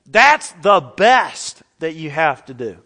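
Man, pastor, high voice, lively sermon, rhetorical questions. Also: slow pace. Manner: lively preaching with rhetorical questions, acts out quotes.

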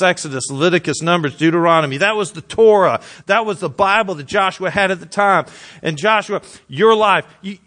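A man preaching a sermon in a conversational way, repeating phrases and speaking straight to his listeners. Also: high-pitched. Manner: mutters scripture quietly. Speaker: pastor.

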